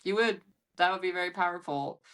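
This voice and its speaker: A woman co-hosting a relaxed podcast with her sister, her voice bright and clear. She laughs easily and slips into little acted-out quotes while she talks. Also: fairly low pitch, fairly quick. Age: adult, married. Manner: laughs often, acts out quotes. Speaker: podcast co-host. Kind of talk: casual chat.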